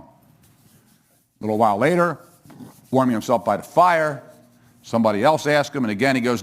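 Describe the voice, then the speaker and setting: A man's voice: medium pitch, normal speed, long pauses, a bit bright. A male pastor preaching a sermon in a conversational storytelling way, with asides and humor.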